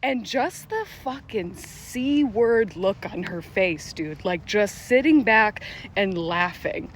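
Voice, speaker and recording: A woman TikTok creator in a casual vlog monologue, talking fast and emphatically, swearing often and leaning on "literally" and "like.". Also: mid-range voice, expressive, slight background noise. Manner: fast, profane, emphatic, heavy use of "literally" and "like".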